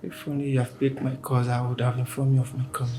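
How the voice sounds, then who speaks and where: An actor playing a stern middle-aged creditor who speaks curtly and coldly in a film drama. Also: male voice, medium pitch, level tone, fast talker, mellow, close to an everyday voice. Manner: curt, cold. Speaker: moneylender.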